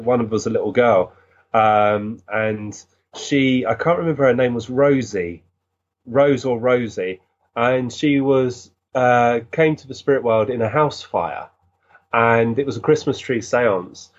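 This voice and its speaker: A man, a guest recounting experiences in an animated, earnest way with many restarts. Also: mid-range voice, measured pace, dull audio. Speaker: guest, physical medium. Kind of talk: storytelling in conversation.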